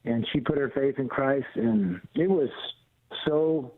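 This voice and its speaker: A middle-aged American man speaks as a guest over a tinny phone line, with the dry, close sound of a call. He tells his story bluntly and emphatically, with the rolling cadence of a preacher. His voice sits at an ordinary pitch. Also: unhurried, dry recording. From United States. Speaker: guest, ministry leader and author. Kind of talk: personal testimony on a radio talk show. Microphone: phone call into the studio.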